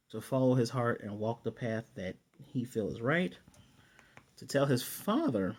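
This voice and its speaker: Mellow-voiced man casually recapping an anime. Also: medium pitch. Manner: loose and rambling, retelling scenes with "he's like"; laid-back slang with casual swearing. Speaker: anime episode reviewer.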